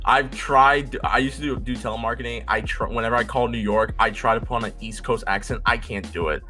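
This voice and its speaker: A man's voice: medium pitch, fairly quick, pushed and bright, faint music behind. A man co-hosting, chatting about his own failed attempts at accents. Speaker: co-host. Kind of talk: casual chat.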